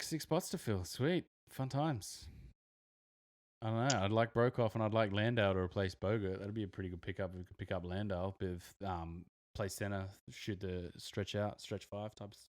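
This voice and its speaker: A young Australian man co-hosting a podcast, talking casually with lots of fillers and restarts. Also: lowish voice. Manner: rambling, many fillers and restarts. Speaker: podcast co-host. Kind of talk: casual chat.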